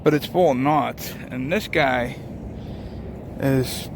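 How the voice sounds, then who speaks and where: A man's voice: mid-range voice, slow, slight background noise. A man who drives trucks, rambling casually and swearing a lot as he walks along a lakeside and films on his phone. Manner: rambling, swears constantly, wandering thoughts. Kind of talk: casual walking vlog. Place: outdoors at a lakeside rest area. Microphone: handheld phone.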